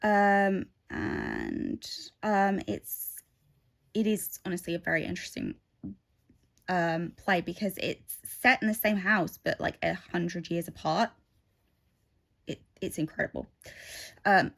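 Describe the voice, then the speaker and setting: A woman's voice: lowish voice, vocal fry. Woman, casual craft-vlog chatter, rambling asides, phone mic. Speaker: craft vlogger. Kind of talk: casual chat while stitching.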